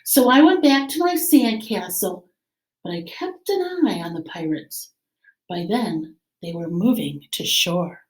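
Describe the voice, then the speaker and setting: A woman teacher reading a picture book aloud to children in an expressive, animated way. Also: medium pitch, unhurried, reverberant. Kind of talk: read-aloud story time for children.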